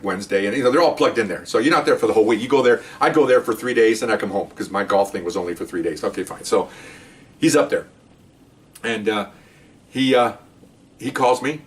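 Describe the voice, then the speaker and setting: Fast-talking man telling police stories. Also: fairly low pitch, far from the mic. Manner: animated, acts out quotes, keeps asking "okay?". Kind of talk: casual storytelling podcast.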